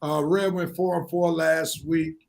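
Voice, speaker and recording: A man's voice: fairly high pitch, flat delivery, unhurried, gravelly, a crowd in the background. A man hosting a casual sports talk show, speaking with emphatic, preacher-like delivery. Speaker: show host.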